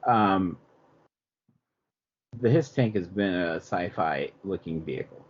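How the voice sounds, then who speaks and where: A man's voice: deep voice, animated, takes it slowly, slightly rough, highs cut off. A man from a fan outlet asking hesitant, filler-heavy questions on a video call. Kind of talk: casual roundtable Q&A.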